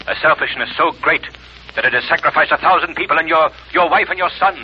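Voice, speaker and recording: A man's voice: on the high side, fast, highs cut off, a little hiss or hum, close to an everyday voice. An actor playing a mysterious unseen male avenger who speaks as a conscience, commanding and solemn, in 1940s radio acting. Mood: accusing.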